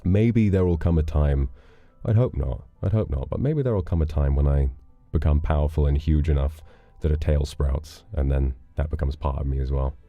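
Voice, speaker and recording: A man's voice: a bass voice, normal speed, no room sound, lo-fi sound, faint music behind. A man hosting a livestream, chatting casually and playfully with viewers and thanking them for donations. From United Kingdom. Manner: relaxed, playful, chatty with dramatic flourishes. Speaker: livestream host reading donations. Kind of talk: casual chat.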